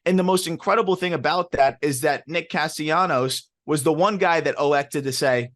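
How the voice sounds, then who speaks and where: A man from South Florida co-hosting a baseball podcast, talking fast and emphatically with lots of fillers. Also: a little high. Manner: excited, emphatic fan talk with many fillers. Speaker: podcast co-host. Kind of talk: casual sports podcast chat.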